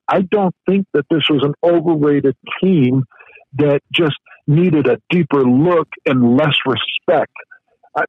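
A man's voice: a little high, breathy edge, no room sound. A man co-hosting a sports podcast, giving an emphatic, detailed breakdown of a game. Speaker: co-host. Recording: tinny phone-line sound.

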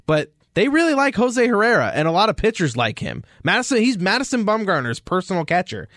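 A man's voice: high-pitched, fairly quick, no room sound, studio quality. A man co-hosting a casual sports podcast, telling stories with lots of energy and acting out quotes. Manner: animated storytelling, acts out quotes. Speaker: podcast co-host.

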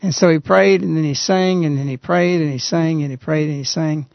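A man hosting a radio talk show, earnestly retelling a story in a halting, conversational way. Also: on the high side, vocal fry, dry recording. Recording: dull, lo-fi radio recording.

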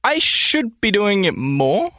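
A man's voice: high voice, very animated, slow, pushed and bright, no room sound, studio quality. A man in his thirties co-hosting a podcast, bantering casually and playfully defending himself. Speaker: podcast co-host. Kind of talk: casual chat.

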